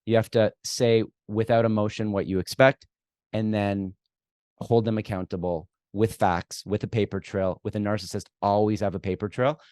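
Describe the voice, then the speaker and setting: A man with a lowish voice speaks as a guest expert in a conversational interview. He is direct and emphatic, sometimes acting out the words he recommends saying. The sound is close and dry, with no room around it. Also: level tone, normal speed, a little mellow, no room sound. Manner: direct, emphatic, acts out what to say. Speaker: guest expert on workplace conflict.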